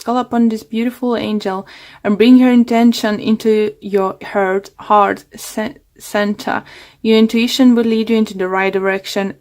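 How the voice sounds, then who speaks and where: A woman's voice: mid-range voice, a little mellow. Woman tarot reader losing her voice. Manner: hesitant, many fillers and restarts. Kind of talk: casual tarot reading monologue.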